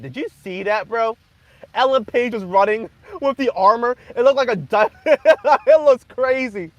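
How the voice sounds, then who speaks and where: Young man, livestream host, very high voice, loud, half-yelling, crude jokey chat. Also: unhurried, no room sound, dull audio. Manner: loud, half-yelling over background noise; crude joking, frequent laughter. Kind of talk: casual livestream chat with viewers.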